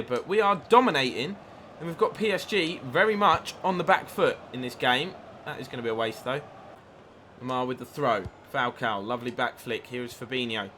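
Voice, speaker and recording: A man's voice: medium pitch, bright, forceful tone, slight background noise. A man giving chatty play-by-play commentary over his own football video game, livening up at big chances. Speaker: gaming YouTuber.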